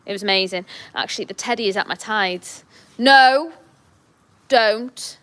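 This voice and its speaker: A woman's voice: mid-range voice, fairly even intonation, quick pace, pushed and bright. A woman farmer chatting casually on a livestream from her sheep shed, fondly talking to her lambs between comments. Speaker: farmer vlogger.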